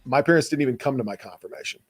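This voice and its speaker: A man's voice: mid-range voice, expressive, very fast. Earnest Texan man telling a story. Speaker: podcast co-host. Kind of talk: casual chat, personal story.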